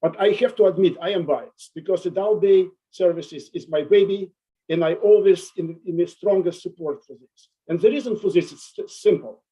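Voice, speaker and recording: Emotional halting man testifying. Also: high-pitched, dark tone, rough recording. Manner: halting, many restarts, emotional. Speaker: adult day center owner testifying. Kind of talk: public hearing testimony.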